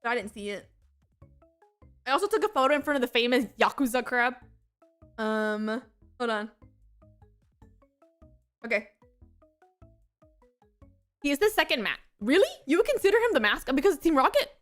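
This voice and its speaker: A young woman chatting on a casual stream, excitable and rambling, with many "like"s. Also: high voice, normal speed, long pauses, faint music behind. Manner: excitable, rambling, heavy use of "like". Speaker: VTuber streamer.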